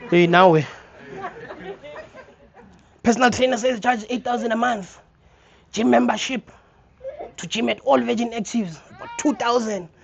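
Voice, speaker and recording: Animated South African stand-up comedian. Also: male voice, very high voice, normal speed, vocal fry, pauses often. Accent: South African English. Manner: animated storytelling, acts out scenes. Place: comedy theater stage.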